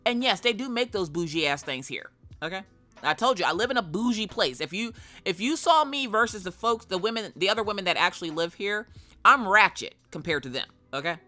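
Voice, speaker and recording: Lively, swearing woman telling a story. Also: medium pitch, brisk, soft background music. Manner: animated, swears freely, dramatic retelling. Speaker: streamer. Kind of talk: casual storytelling chat.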